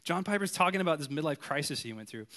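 A pastor, a man, preaching a sermon in a casual, animated, conversational way. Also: on the high side, fast.

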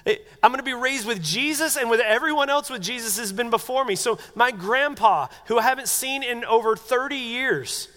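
A middle-aged man preaching a sermon as pastor, earnest and conversational, often dropping to soft, quiet tones. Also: very high voice, moderate pace, hardly any pauses. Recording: long hall reverb.

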